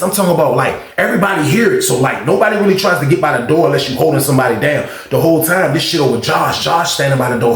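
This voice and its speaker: A man telling a story, lively, acting out quotes with sudden shouts. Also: on the high side. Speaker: storytime host. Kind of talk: animated storytelling. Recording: echoey room.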